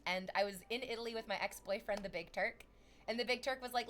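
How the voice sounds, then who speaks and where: A young woman streamer from Canada chatting casually with her viewers, telling stories with lively acted-out voices. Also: a little high, quick pace, slight background noise. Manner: animated storytelling, acts out voices.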